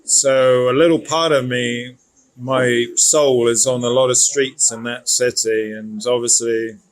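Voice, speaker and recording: A man's voice: medium pitch, steady tone, measured pace, rough recording. A British man joining as a guest in a casual chat, full of self-deprecating jokes. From Britain. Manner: joking, self-deprecating banter.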